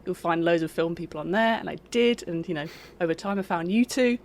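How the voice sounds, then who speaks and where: A woman's voice: on the low side, fairly quick, darkish tone, slight background noise. A woman guest on a podcast, chatting casually with a joking, self-deprecating manner. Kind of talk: casual chat.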